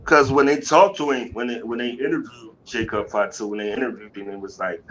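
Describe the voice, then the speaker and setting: Low-voiced man in casual podcast chat. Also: brisk, few pauses, background noise. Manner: loose, repetitive, restarts often. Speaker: podcast co-host.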